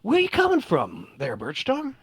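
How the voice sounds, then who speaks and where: A man putting on an eager, pushy aquatic elf tavern regular who talks in quick bursts and jumps high in pitch. This elf has loads of energy and will not let a conversation drop. The dry, close sound carries no room around it. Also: huge pitch swings, bright, forceful tone, slightly rough, no room sound, exaggerated voice.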